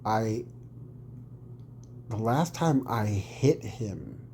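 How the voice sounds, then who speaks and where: A man with a mellow, dark voice rambles through casual commentary on his own clip. He swears freely and slips into mock-preachy explanations, over a faint background noise. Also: on the low side, expressive, extremely slow.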